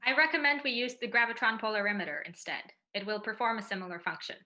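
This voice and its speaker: A woman voicing a crisp male android officer. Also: on the high side, fast, bright, forceful tone. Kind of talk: amateur audio drama reading.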